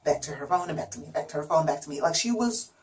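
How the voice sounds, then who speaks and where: A young woman from the US, telling an animated story to camera and acting out the dialogue. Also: sits low, fast. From United States. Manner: animated, chatty, acts out dialogue in other voices. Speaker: vlogger.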